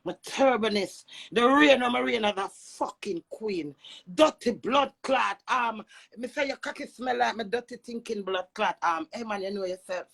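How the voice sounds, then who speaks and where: A Jamaican woman ranting with loud, brash cursing, swinging between shouting and low mutters. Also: normal speed, vocal fry, poor audio. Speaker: social media personality. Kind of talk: cursing rant.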